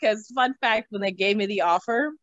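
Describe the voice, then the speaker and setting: Animated young woman telling stories. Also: mid-range voice, normal speed, no echo. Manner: animated, laughs often, swears casually. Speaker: interview guest. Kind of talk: casual storytelling. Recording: slightly dull, dry recording.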